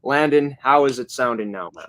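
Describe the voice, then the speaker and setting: Hosting a casual sports livestream, this Canadian man speaks at a moderate pace with a medium-pitched, fairly bright voice. His talk runs long and rambling, full of fillers and frequent self-corrections.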